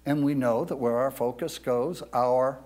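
A male pastor preaching a sermon in a dramatic way, swinging between loud declaiming and hushed near-whispers and stretching out words for emphasis. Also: medium pitch, unhurried.

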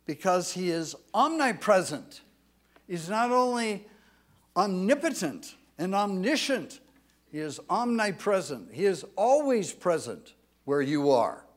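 A man preaching a sermon, swelling to loud, emphatic declarations when he quotes scripture. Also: high-pitched. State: tired from little sleep. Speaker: pastor.

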